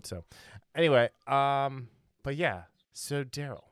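A man's voice: medium pitch, lively intonation, takes it slowly, a bit bright, smooth, no room sound, studio quality. A man hosting a casual podcast. He rambles, corrects himself and laughs often, and he sounds tired after a long day. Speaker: podcast host.

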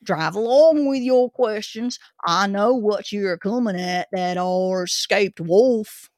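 A woman voicing a grumpy but chatty old male zookeeper, talking in a rough working-class dialect. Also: medium pitch, takes it slowly, darkish tone, no echo, studio quality, close to an everyday voice. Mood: gruff.

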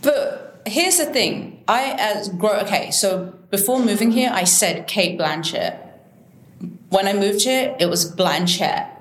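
A woman's voice: medium pitch, lively intonation, takes it slowly. A woman co-hosting a podcast, chatting casually about an awards event. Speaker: podcast co-host. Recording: roomy echo.

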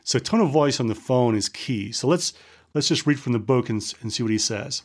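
A middle-aged man from Scotland with a Scottish American accent, hosting a solo podcast, talking fast and at times mumbling. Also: medium pitch. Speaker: podcast host. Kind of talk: solo podcast talk and book reading.

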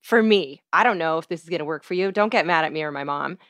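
A woman's voice: deep voice, quick pace, a bit bright, dry recording, clean studio sound. A woman guest on a podcast, chatting casually in a playful, laughing way as she gives advice.

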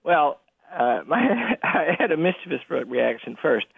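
A gravelly male guest on a thin, phone-like line, speaking in a mid-range voice. He talks in halting bursts full of restarts and often breaks into chuckles. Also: on the high side, big pitch swings, no room sound. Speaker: college president, guest. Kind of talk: radio interview.

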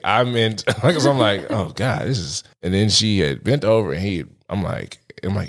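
A man's voice: medium pitch, animated, brisk. A man in his thirties, a podcast guest, telling a story in casual chat, acting out his own reactions and laughing often. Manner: laughs often while talking.

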